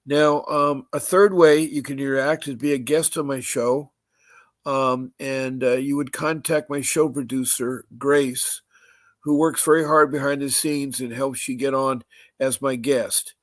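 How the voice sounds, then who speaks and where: Halting middle-voiced man hosting a live stream. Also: mid-range voice, fairly even intonation, no room sound. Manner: halting, many fillers and restarts, repeats details slowly. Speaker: podcast host. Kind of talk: live-stream housekeeping announcements.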